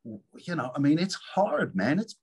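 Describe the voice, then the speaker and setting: A man, an actor guest in a casual interview, telling lively stories and acting out the lines of other people. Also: on the high side, normal speed, slightly rough, poor audio. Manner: animated storyteller, acts out quotes.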